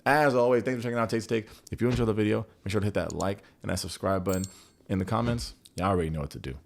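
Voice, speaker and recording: A man with a fairly low voice recaps reality TV in a loose, casual way. He is sarcastic and profane, throwing in joking asides to his viewers. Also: very fast, creaky, a little hiss or hum. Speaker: TV recap host.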